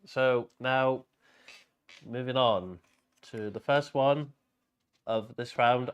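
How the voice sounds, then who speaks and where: Man, smooth resonant voice, bingo caller, hesitant, stammering, dull lo-fi mic. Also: medium pitch, fairly even intonation, slow pace, pauses often. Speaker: co-host calling bingo items. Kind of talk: casual live-stream chat.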